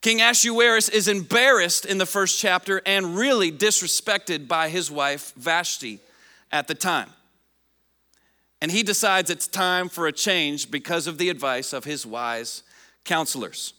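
A man preaching a sermon, reading scripture aloud and repeating key lines for emphasis, his voice dropping low at the ends of phrases. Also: a little slow, sharp tone, long reverb tail. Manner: reads scripture aloud to the congregation. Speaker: pastor.

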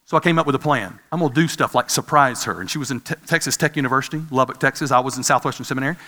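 Male preacher, 40s, chatty sermon style, bright edge, echo of a big hall. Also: mid-range voice, very fast. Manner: conversational, asks the audience questions. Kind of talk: sermon with personal story. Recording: reverberant hall.

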